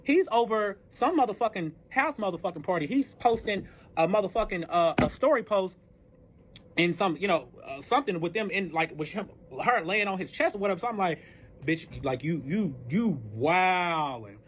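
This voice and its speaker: A man's voice: high voice, animated, fairly quick, a little hiss or hum. A man animatedly retelling a cheating story, profane and dramatic, acting out quoted arguments. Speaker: storyteller guest. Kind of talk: casual storytime.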